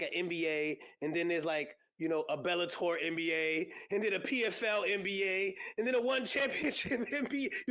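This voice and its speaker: A man hosting a podcast, chatting casually and rambling with lots of fillers and excited exclamations. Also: sits high. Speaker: podcast host. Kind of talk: casual solo podcast chat about combat sports. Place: podcast studio.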